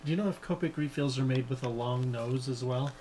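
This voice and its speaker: Very deep-voiced woman reading comments. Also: fairly quick, dark tone, slight background noise. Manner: brief reactions and read-out comments. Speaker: co-host reading viewer comments.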